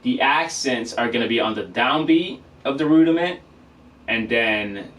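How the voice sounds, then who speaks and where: A man's voice: medium pitch, expressive, unhurried, a bit bright. A man teaching drum rudiments in a casual, loose way, stopping to correct himself and apologize. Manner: casual, with many fillers and self-corrections, apologetic. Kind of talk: casual instructional demonstration. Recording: voice from a distance with faint noise.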